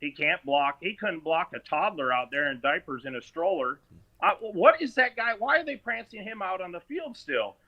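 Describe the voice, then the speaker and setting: A man hosting a sports podcast, ranting in a mocking, animated way. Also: high-pitched, normal speed, muffled recording. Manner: animated, mocking, does exaggerated voices. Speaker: podcast host.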